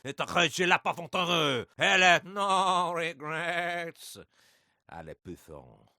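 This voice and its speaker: An actor voicing an injured, angry male Marine sergeant in a video game, shouting gibberish made to sound like French. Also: fairly high pitch, big pitch swings, a little slow, dry recording, clean studio sound, exaggerated voice. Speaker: game character. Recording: game audio with loud vehicle noise.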